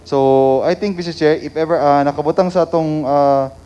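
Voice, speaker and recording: Filipino male councilor, measured and formal, mellow low-bright tone. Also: steady tone, lo-fi sound, a little hiss or hum. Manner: measured, formal, switches between English and local language. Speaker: city councilor. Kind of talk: council session remarks.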